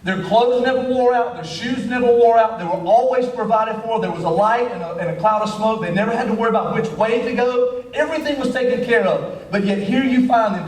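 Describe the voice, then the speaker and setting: A man with a high voice preaches to a church crowd, animated and joking, often repeating words before a thought gets going. His voice carries through a roomy, echoey hall. It sounds a little distant from the mic. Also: brisk, hardly any pauses. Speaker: pastor. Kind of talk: sermon.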